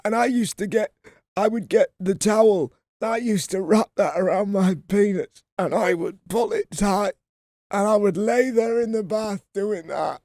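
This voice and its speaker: A man voicing a brash middle-aged male comedian who rants a story to a crowd in a half-shouted voice. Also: high-pitched, moderate pace, no echo, studio quality, pitched above the performer's own voice. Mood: ranting.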